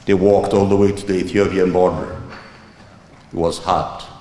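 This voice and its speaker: A man from Somaliland recounting events in slow, measured storytelling. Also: sits low, little pitch movement, a little mellow. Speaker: speaker recounting history. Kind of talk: spoken recollection. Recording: echoey hall, faint noise.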